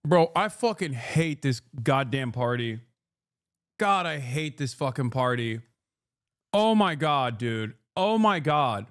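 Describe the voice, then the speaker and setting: A man streaming political commentary, ranting in profane, exasperated, fast bursts with frequent fillers. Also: mid-range voice, expressive, no room sound, studio quality. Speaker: streamer reacting to clips.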